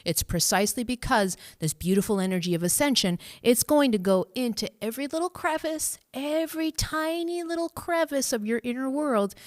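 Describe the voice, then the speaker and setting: A woman hosting a live stream as a spiritual coach, speaking gently and reassuringly, laughing often and acting out inner voices in a high cheery tone. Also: dry recording, studio quality. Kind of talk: live-stream guidance, answering viewer questions.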